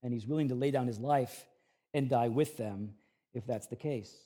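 A man preaching an expository sermon, moving between quiet, low reflection and raised, urgent emphasis, and paraphrasing scripture in a conversational way. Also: normal speed. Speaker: pastor.

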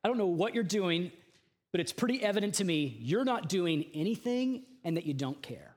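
A man's voice: high voice, animated, moderate pace, a little mellow. A man preaching a sermon, voicing an ancient male prophet who protests urgently to God with rising, accusing questions. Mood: exasperated.

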